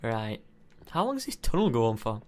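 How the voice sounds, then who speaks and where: A man's voice: medium pitch, wildly swooping pitch, fairly quick, a little mellow. A man playing a video game with a friend, joking and chatting casually. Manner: joking, playful. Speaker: gamer. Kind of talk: casual let's-play chat.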